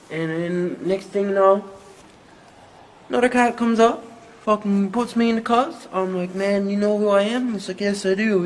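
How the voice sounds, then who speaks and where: A man's voice: high voice, slight background noise, lightly acted, low-quality recording. Man playing a crude Newfoundland rapper. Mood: worked up. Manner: profane rambling storyteller. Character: crude boastful young male rapper. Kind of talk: mockumentary interview.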